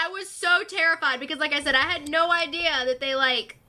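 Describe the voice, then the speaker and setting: Young woman, high voice, bright tone, animated storytelling, lots of fillers. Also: brisk. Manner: animated, filler-heavy retelling, acting out quotes. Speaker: vlogger. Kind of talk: storytime vlog.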